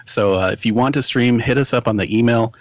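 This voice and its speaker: A man co-hosting a podcast, talking in a relaxed, halting way with plenty of fillers. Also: medium pitch, dry recording. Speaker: podcast co-host. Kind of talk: casual podcast chat.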